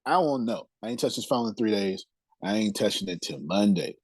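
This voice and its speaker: A man hosting a lively group talk, emphatic and animated, repeating his points and laughing often. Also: fairly low pitch, a little fast, slightly rough, no room sound, low-quality recording. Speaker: host and coach.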